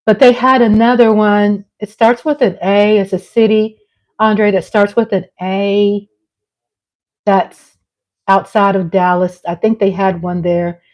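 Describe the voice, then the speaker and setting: A woman's voice: medium pitch, little pitch movement, measured pace, darkish tone. Chatty Southern woman vlogger. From Texas. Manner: chatty, laughs often, playful asides to her husband. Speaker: vlog host. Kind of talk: casual livestream chat.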